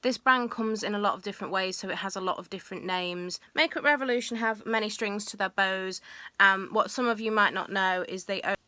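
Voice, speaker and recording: A woman talks through a beauty tutorial in a loose, chatty way, pausing on ums and correcting herself as she goes. Her voice is bright and forward. The recording is close and dry, with no room sound. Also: medium pitch, no room sound. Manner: chatty, with frequent um fillers and self-corrections. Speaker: makeup artist and beauty vlogger. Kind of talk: casual beauty tutorial talk.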